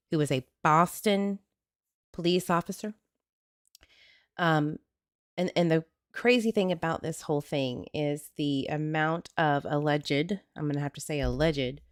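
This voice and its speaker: A woman with a Southern US accent chats through a casual livestream, low in pitch for a woman. She greets her viewers by name and throws in jokey asides. The sound is dry and close. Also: clean tone, no echo. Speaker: livestream host.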